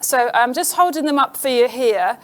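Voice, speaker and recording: Woman, middle-aged, comedian host, higher-pitched, chatty, self-deprecating. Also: moderate pace, fairly bright tone. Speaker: comedian hosting an awards show. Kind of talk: stand-up comedy routine.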